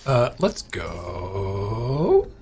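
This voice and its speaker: A man's voice: lowish voice, wildly swooping pitch, very slow, a little mellow, a little hiss or hum. A man co-hosting a card game stream in casual, jokey chat. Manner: jokey, eating while talking. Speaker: co-host.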